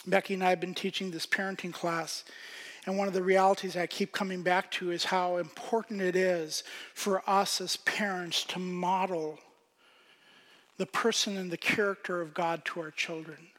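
A man preaching a sermon as pastor, swinging from loud emphasis to hushed whispers. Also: sits high, little pitch movement, normal speed, long reverb tail.

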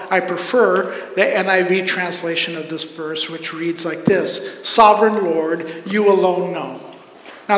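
High-voiced preacher in an echoey church. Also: male voice, a bit bright. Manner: earnest, acts out voices of God and prophet. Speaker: pastor. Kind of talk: sermon. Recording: echoey hall.

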